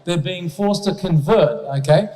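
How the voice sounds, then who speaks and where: In a hall with long reverb, a man with a high, warm voice delivers an emphatic, rhetorical speech with slides at an event. Speaking at a moderate pace, he keeps checking in with the audience by asking "okay?".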